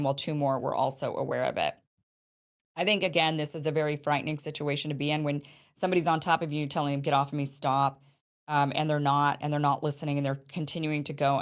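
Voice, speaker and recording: A woman with a low voice talks in casual, unscripted commentary. She thinks out loud, repeating herself and restarting sentences as she works through each point. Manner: hesitant, restarts and repeats phrases while reasoning aloud.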